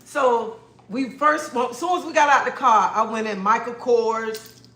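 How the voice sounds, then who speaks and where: Woman livestreaming on a phone, animated storyteller, bright sharp tone, roomy echo. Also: fairly high pitch, moderate pace. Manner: animated, laughing, acts out quoted dialogue. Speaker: livestream host. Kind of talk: casual storytelling to viewers.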